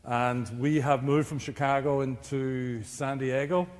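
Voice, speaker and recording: A man's voice: medium pitch, steady tone, unhurried, in a large hall. A man preaching a sermon in a church, chatty and joking with the congregation.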